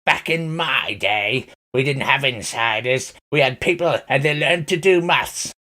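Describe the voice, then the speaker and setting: A man's voice: mid-range voice, lively intonation, unhurried, bright, forceful tone. A man voicing a grumpy, sneering old male clown who grumbles about the good old days. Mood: grumbling. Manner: grumbling, cantankerous.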